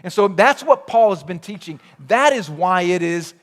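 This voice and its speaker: A man's voice: sits high, lively intonation, moderate pace, a bit bright. A man preaching a sermon in a church, with rhetorical questions and lots of repetition. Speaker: pastor. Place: church sanctuary. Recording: long hall reverb.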